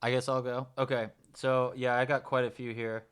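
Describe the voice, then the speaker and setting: Smooth-voiced man in casual film chat. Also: medium pitch, flat delivery, moderate pace, fairly bright tone. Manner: quotes movie lines, chuckles often. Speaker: podcast guest.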